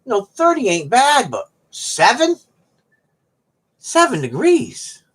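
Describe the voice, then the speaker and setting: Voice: mid-range voice, wildly swooping pitch, takes it slowly, breathy edge. A middle-aged streamer rambling at home in a folksy, joking way to viewers. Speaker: live streamer chatting with viewers. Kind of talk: rambling casual chat to viewers. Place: at home on a cold day.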